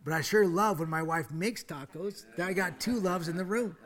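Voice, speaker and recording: A male pastor preaching a sermon, dropping to hushed whispers and then rising to loud, emphatic declarations, and asking the congregation to say lines with him. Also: high voice, normal speed. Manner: invites the congregation to speak along.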